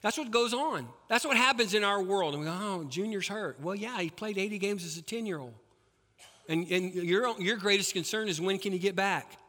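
A male pastor delivers a sermon in a high, bright, forceful voice. He swings between loud, emphatic peaks and hushed, low passages. The sound rings with a long reverb from a large church hall. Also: a little fast.

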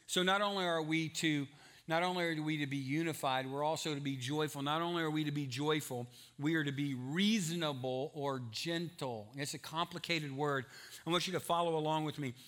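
A man preaching a sermon as pastor, asking the congregation questions and building from quiet teaching to excited emphasis. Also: on the high side, brisk. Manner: sings a hymn softly.

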